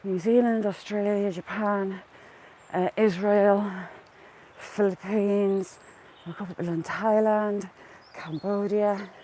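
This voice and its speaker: A woman's voice: medium pitch, fairly even intonation, slow pace, dark tone, a little hiss or hum, poor audio. A woman out of breath on an outdoor walk, chatting casually on a live stream and greeting viewers by name. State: a bit out of breath. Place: outdoors on a woodland walk by water.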